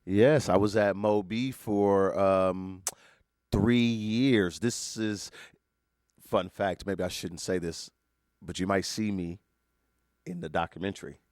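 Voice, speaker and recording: A man's voice: low voice, fairly even intonation, takes it slowly, a little mellow, no echo. A middle-aged man from Northern California, co-hosting a podcast in a playful, joking way with lots of slang. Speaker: podcast co-host. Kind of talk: casual chat.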